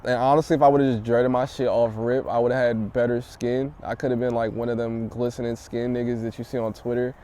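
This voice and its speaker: Young dmv rap guy cussing a lot, mellow smooth voice, outside on the street. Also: mid-range voice, brisk, few pauses. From DMV area, US. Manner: profane, animated storytelling. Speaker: rap artist interviewee. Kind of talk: casual interview answers.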